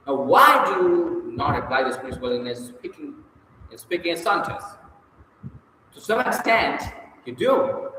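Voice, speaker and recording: A man reads a lesson on public speaking, stretching and punching the key words. His pitch sits a bit high and swings widely. The recording is very echoey with a long reverb tail and a faint hiss underneath. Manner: lively emphatic reading with stretched stressed words. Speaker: reader of a public speaking book. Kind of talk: reading aloud a book lesson.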